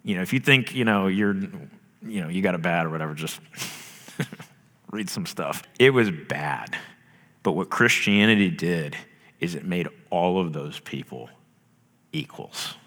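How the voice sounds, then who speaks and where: A man's voice: low-pitched, measured pace, long pauses, a bit bright. A man preaching a sermon, talking casually with lots of fillers. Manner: casual, conversational preaching with many fillers and laughs. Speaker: pastor. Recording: long hall reverb.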